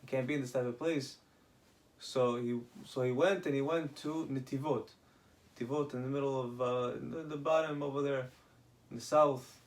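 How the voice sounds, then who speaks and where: A man casually retelling rabbinic stories, halting, with many restarts and Hebrew terms. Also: mid-range voice, fairly even intonation. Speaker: storyteller.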